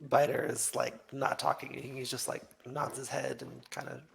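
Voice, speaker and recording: A man running a tabletop game as game master, narrating in a relaxed, descriptive way. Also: medium pitch, moderate pace, gravelly, husky.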